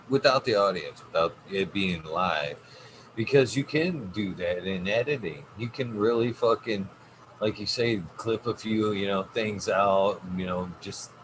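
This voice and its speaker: A low-voiced man hosting a laid-back podcast and talking loosely, with plenty of swearing. A steady hum of background noise runs under his voice. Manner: relaxed, rambling, swears freely. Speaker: podcast host. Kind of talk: casual podcast chat.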